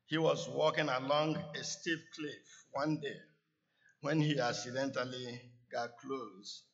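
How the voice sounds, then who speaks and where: A man preaching a sermon in a church, telling a story in a slow, deliberate way. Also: medium pitch, fairly even intonation, vocal fry. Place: church sanctuary. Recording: echoey church hall, dull lo-fi.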